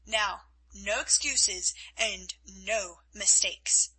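A woman's voice: mid-range voice, drawn-out words, sharp tone, breathy edge, exaggerated voice, low-quality recording. A woman reading the part of a cold, mocking male Spanish officer in an audiobook, speaking in a coolly commanding way.

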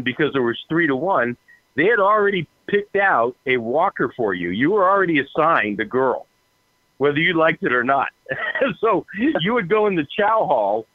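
A man telling funny stories in a loose, casual way, laughing often and acting out the other voices. His voice is a bit high and swings up and down a lot. It comes through a dry, phone-like line. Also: sing-song, moderate pace, no echo. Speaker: guest. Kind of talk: casual storytelling.

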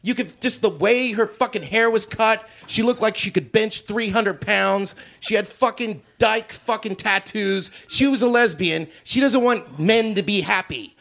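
Male comic guest, slightly high voice, foul-mouthed and defensive storyteller. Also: a little slow, gravelly, few pauses, fairly bright tone. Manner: profane, blunt, defensive. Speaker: comedian guest. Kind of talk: casual chat, storytelling.

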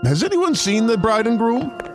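An actor playing a pompous wedding officiant in a comic ad. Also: male voice, very high voice, sing-song, normal speed. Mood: ceremonious. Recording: loud music under ad.

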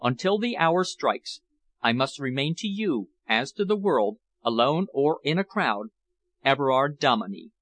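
A man reading as a firm, guarded gentleman. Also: mid-range voice, lively intonation, unhurried, no room sound. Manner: restrained, firm. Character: guarded aristocratic man hiding his identity, firm.

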